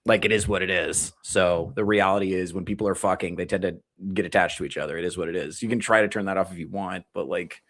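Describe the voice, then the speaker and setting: Male comedian, thirties, low register; loose profane streaming rant, rambling with animated mock quotes. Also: fast talker, few pauses. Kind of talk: casual rant to a live chat.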